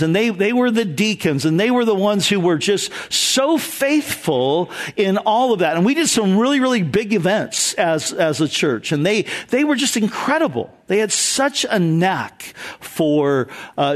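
A middle-aged man, a pastor, telling a story in an earnest, conversational sermon. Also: high voice.

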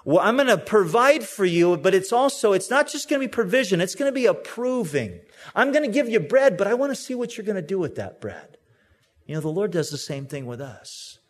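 High-voiced pastor, slow and steady. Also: male voice. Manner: humorous, storytelling, reads scripture slowly. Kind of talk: sermon.

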